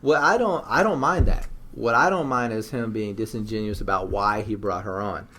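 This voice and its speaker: A man's voice: lowish voice, normal speed, a bit bright. A man co-hosting a casual commentary chat, blunt and opinionated, now and then acting out quotes. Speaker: co-host.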